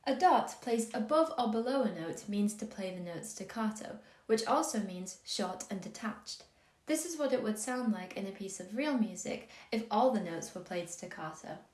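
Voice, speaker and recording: A woman giving a scripted music theory lesson, explaining in a calm, measured, clearly paced way. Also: mid-range voice. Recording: roomy echo on the voice.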